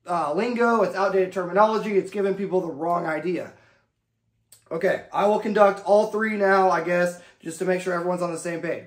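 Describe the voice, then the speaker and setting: A man with a high voice gives a firearms lesson, calling out each step in a drill-like rhythm and tagging "okay?" after the steps. The sound rings with a lot of echo around him. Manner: drill-like, repeats "okay?" and key phrases. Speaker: firearms instructor. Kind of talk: instructional demonstration.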